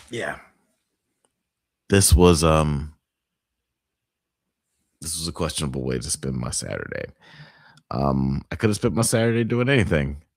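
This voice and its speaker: A man's voice: a bass voice, no room sound. A man hosting a podcast live watch party, chatting casually and profanely, groaning and laughing at gory scenes. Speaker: podcast host.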